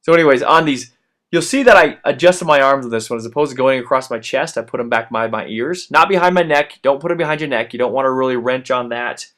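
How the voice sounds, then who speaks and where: A man's voice: mid-range voice, quick pace, a bit bright. A man in his thirties coaching a workout over his own footage, pushing the listener on and panting after the exercises. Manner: urgent encouragement, breathless after exertion. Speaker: fitness instructor.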